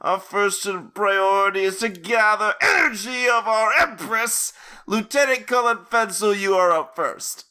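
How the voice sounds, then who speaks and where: Male reader doing a high, lively alien villain captain, slow and grandiose, bright tone. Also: smooth, exaggerated voice. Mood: commanding. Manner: slow, drawn-out, grandiose delivery. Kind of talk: comedic fanfic reading.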